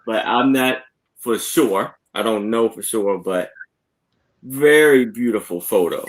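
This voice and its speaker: A man co-hosting a live online sale, describing an old framed photo in slow, halting talk full of fillers. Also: on the low side. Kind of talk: casual live sale chat.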